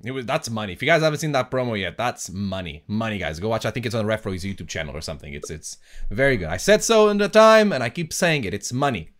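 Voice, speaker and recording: A male podcast host who interviews in a teasing, playful way. His pitch moves a great deal, which keeps his questions lively. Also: fast talker. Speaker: podcast host and wrestling trainer. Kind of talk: casual podcast chat.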